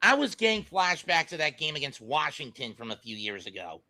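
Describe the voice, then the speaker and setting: A man's voice: a little high, very animated, brisk, pushed and bright. A man co-hosting a postgame show, giving blunt, critical analysis.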